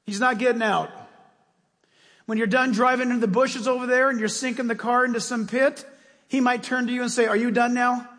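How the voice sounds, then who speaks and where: Very high-voiced male preacher. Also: steady tone, brisk, fairly bright tone, big-room sound. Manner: emphatic and folksy, asks the congregation questions. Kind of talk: sermon.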